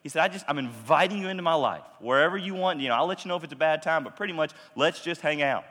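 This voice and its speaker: A man's voice: a little high, animated, fast talker, bright, forceful tone. A man telling a personal story in a sermon, conversational and self-deprecating, acting out the dialogue. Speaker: pastor. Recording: long reverb of a large hall.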